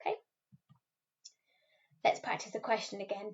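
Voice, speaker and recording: A woman teacher talks pupils through a recorded French lesson, pausing to model words slowly and clearly. Her voice sits a little high. The recording is somewhat dull and lo-fi. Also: lively intonation. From Wales. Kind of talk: recorded classroom video lesson.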